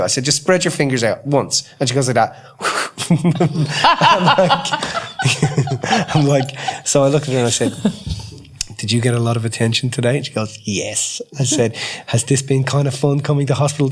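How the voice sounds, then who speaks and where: A middle-aged man chats on a podcast in a casual storytelling way. He acts out the people in his story and often restarts his sentences. His pitch sits in the middle of the range for a man. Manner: animated storyteller, acts out quoted dialogue, frequent restarts. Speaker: podcast co-host.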